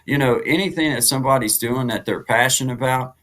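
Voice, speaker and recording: A man with a bright, lively voice co-hosts a casual live stream. He rambles and jokes, with easy drawn-out talk, and keeps thanking his viewers. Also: mid-range voice, rough recording. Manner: folksy, rambling, gives shout-outs to viewers.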